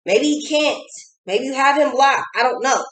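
Woman reading tarot, kinda high voice, swears a lot, repeats stuff, echoey room. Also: normal speed, fairly bright tone. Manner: blunt, profane, repeats phrases for emphasis. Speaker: tarot reader.

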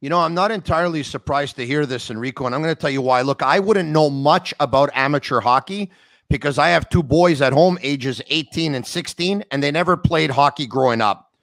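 A man's voice: a little high, brisk, fairly bright tone, dry recording. A man in his forties hosting a podcast interview, talking through his point in a conversational way. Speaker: podcast host.

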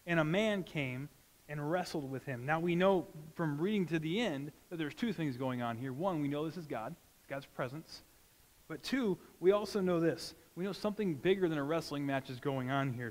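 A pastor preaching a sermon in an earnest, conversational way. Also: male voice, a little high, long reverb tail. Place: church sanctuary.

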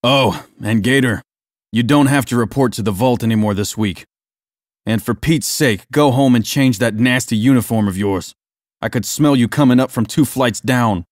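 A man voicing a gruff, lazy police sergeant who growls his blunt, crude orders. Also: medium pitch, normal speed, no echo, studio quality, natural voice.

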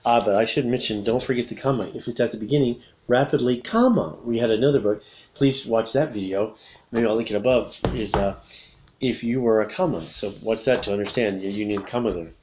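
Guy w a low voice reading a kids book out loud for english learners, slow, says words twice, laughs a lot. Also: background noise. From America. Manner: slow, repeats key words, chuckles often. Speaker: teacher reading a picture book aloud. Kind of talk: read-aloud lesson for English learners.

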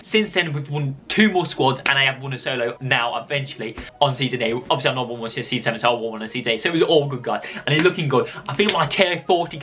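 A man giving casual gameplay commentary as a streamer, excitable and constantly talking to his viewers. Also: medium pitch. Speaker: gaming streamer.

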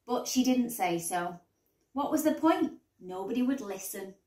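A woman teacher reading a bedtime story aloud in an expressive storybook manner, in a roomy recording. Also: medium pitch, a little slow, recorded from a distance, a little hiss or hum. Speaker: primary school teacher. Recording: roomy echo.

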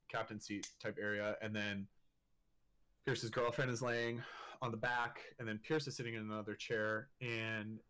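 A man's voice: mid-range voice, a bit bright. A man in his twenties, a podcast guest telling a story in casual, profane talk full of filler words and laughing through the funny parts.

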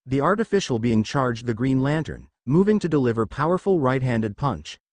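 A man narrating a fan fiction story in a steady, expressive reading voice. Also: mid-range voice, normal speed, dry recording.

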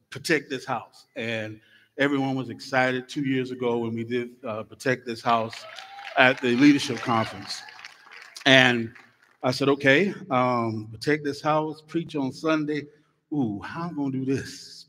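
A middle-aged male minister warms up his congregation with funny stories before he preaches, chatty and playful at a medium pitch. His voice fills a large sanctuary with a long reverb hanging after each phrase. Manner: lively storytelling, jokes with the congregation. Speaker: guest minister. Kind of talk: sermon with humorous stories. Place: church sanctuary. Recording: long church hall reverb.

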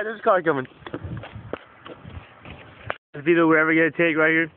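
A young man casually filming and narrating backyard football takes, joking and excited, outdoors by a house. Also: on the high side, normal speed, pauses often. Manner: excitable, joking, announces each take. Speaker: quarterback filming backyard football with his cousin. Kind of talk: casual home video commentary. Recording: tinny lo-fi camera audio with faint hiss.

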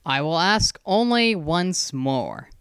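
A narrator voicing a calm, patient male school founder who has travelled the world, in a storybook reading. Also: mid-range voice, normal speed, clean tone, no room sound, studio quality, close to an everyday voice. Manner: calm, patient, gently insistent.

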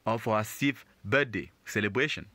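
A man's voice: fairly low pitch, moderate pace, sharp tone, no echo. A man teaching beginners, patiently repeating and explaining each phrase in a lesson. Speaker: French teacher.

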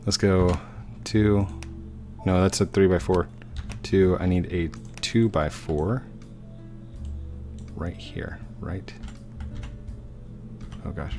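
Low, slow-talking man playing a game. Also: steady tone, a little mellow, faint music behind. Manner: easygoing, chatty, talks to himself while building. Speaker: gaming YouTuber. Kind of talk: casual let's-play commentary.

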